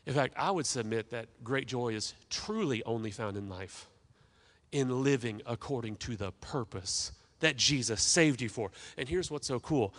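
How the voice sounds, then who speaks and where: A man's voice: medium pitch, fairly bright tone. A man preaching a sermon as pastor, emphatic, with call-and-response asides to the congregation. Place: church sanctuary.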